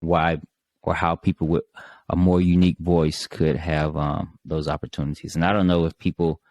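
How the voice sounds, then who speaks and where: A man hosting an interview, asking questions in a measured, thoughtful way. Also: low-pitched, flat delivery, darkish tone, no room sound. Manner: measured and thoughtful, with brief backchannel replies. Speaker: podcast host. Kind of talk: interview conversation.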